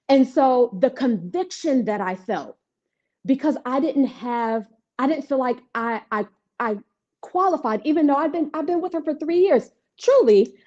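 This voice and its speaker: A woman yoga instructor talking in an interview, telling her story in an animated, conversational way. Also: on the high side. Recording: dull lo-fi audio.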